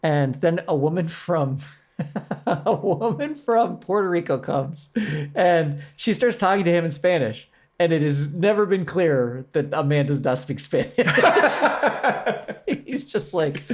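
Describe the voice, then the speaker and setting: A man's voice: fairly high pitch, takes it slowly. A man co-hosting a podcast, casually retelling a show with lots of laughter and jokes. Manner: laughs often while recounting, animated and joking. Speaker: podcast co-host. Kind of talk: casual storytelling chat.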